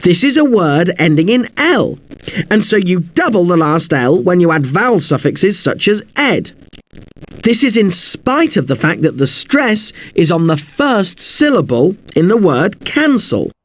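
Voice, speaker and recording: A man's voice: high-pitched, very animated, unhurried. A man teaching an English spelling lesson, polite and a little apologetic, who spells words out letter by letter.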